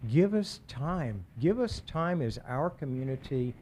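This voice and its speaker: A man's voice: a little high, very animated, darkish tone, slight background noise, low-quality recording. Earnest man addressing a city council. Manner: earnest, measured, repeats words as he restarts. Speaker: public commenter. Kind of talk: public comment at a city council meeting. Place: council chamber.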